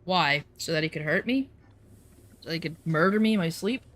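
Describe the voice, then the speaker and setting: A woman's voice: sits low, lively intonation, normal speed, fairly bright tone. A woman telling a story straight to her viewers. She is blunt and unfiltered, swears freely, and rambles with fillers and restarts as she goes. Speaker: vlogger. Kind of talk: casual storytelling.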